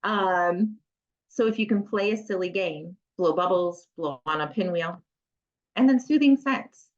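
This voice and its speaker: A woman's voice: fairly low pitch, measured pace. A middle-aged woman, an occupational therapist, giving a conversational parent education talk with playful asides. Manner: conversational, practical, with playful acted asides to children. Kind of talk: presenting a parent education webinar. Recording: slightly muffled lo-fi audio.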